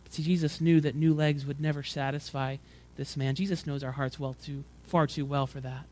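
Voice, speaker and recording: Brief: male pastor, fairly high voice, casual sermon delivery, frequent stumbles and restarts. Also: flat delivery, a little fast, darkish tone, a little hiss or hum. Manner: conversational preaching, acts out quotes with rising pitch and volume; frequent repeated words and restarts.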